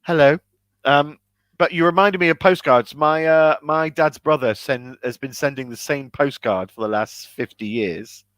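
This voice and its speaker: A man's voice: a little high, moderate pace, fairly bright tone, no room sound. A man co-hosting a casual comedy chat, telling wry, self-deprecating stories. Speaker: co-host.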